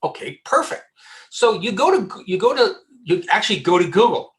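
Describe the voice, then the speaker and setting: Man, headhunter guest, lively and joking, many restarts, slightly high voice. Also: fairly quick. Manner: animated and joking, with frequent restarts. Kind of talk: casual advice in a podcast interview.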